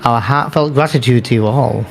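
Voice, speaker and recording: A man's voice: medium pitch, normal speed, vocal fry, close to an everyday voice. A man reading a kindly father's game dialogue aloud in his own voice, with faint game music behind. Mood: courteous.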